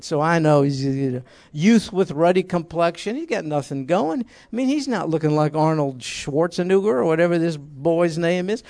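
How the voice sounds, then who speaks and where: A man's voice: fairly high pitch, animated, unhurried, a little mellow, dry recording. A man preaching a conversational sermon to his congregation, joking and emphatic, often repeating key phrases.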